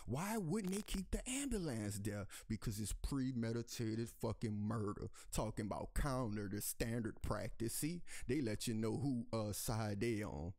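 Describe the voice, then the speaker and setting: A man hosting an angry commentary, reading a news article aloud and breaking off to rant profanely, constantly calling to his listeners as y'all, his pitch jumping high when he is outraged. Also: animated, unhurried, few pauses, a little mellow. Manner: heated, profane, repeatedly addressing listeners as y'all. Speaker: commentary channel host.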